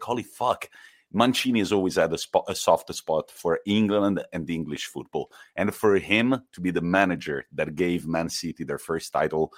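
A man co-hosting a football podcast, telling stories in a casual, rambling way. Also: sits low. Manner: storytelling, rambling with fillers. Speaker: podcast co-host. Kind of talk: casual chat.

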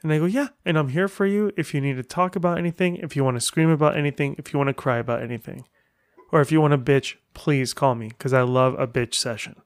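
A man's voice: a little high, fast talker, no room sound, studio quality. Chatty middle-aged man, rambling podcast host. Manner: chatty storyteller with rambling asides. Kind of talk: casual solo podcast monologue.

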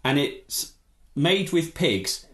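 Animated ranting man. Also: on the high side, extremely slow. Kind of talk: casual chat.

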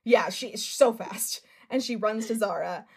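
A giggly woman co-host in casual chat, recapping a reality show. She laughs often and slips into playful voices when she quotes people. Her pitch sits in the middle for a woman. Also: moderate pace, creaky, slightly rough. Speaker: podcast co-host.

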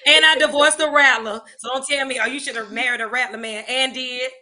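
A woman, a music teacher and songwriter, chatting in an interview and telling animated stories with laughter. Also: high-pitched, a little fast, noisy background. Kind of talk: casual interview chat.

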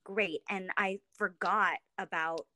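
A woman in her thirties, a podcast guest, telling a story in casual chat and acting out quotes with big jumps in pitch. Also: fairly even intonation, slow, sharp tone, no room sound. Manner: many fillers and restarts.

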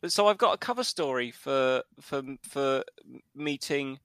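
A man's voice: mid-range voice, lively intonation, a little slow, fairly bright tone, clear, resonant tone, no echo, studio quality. A man co-hosting a casual podcast chat, rambling as he spins elaborate joking schemes. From United Kingdom. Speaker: podcast co-host.

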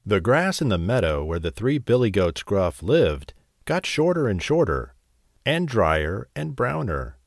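A man narrating a bedtime story in a slow, expressive, gentle way. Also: fairly low pitch, no echo, clean studio sound.

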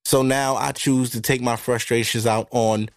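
A man hosting a podcast, talking through a casual monologue into a microphone in a blunt, profane, animated way. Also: medium pitch, moderate pace, no room sound, studio quality. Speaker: podcast host. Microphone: studio microphone.

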